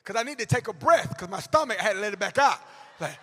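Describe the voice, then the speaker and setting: A man, telling comedic stories to educators in an animated way, with bursts of shouting and acted-out quotes. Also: sits high, fast talker, in a large hall. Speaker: motivational comedic speaker. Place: large hall before a live audience.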